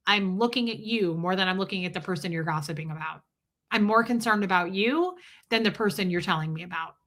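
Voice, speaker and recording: A woman in her forties hosts a casual livestream and talks bluntly, swearing freely and telling stories with a lot of life. Her voice is bright and sharp. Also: medium pitch. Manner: blunt, profane, animated storytelling. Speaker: livestream host.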